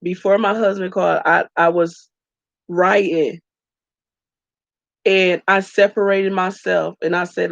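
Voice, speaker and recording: A tearful woman vlogger records a candid, emotional video, calling her viewers "y'all" in a gravelly, lowish voice with a steady tone, measured pace, and long pauses. The recording is dry and a bit dull, with no room sound, as if made on a phone in a small room.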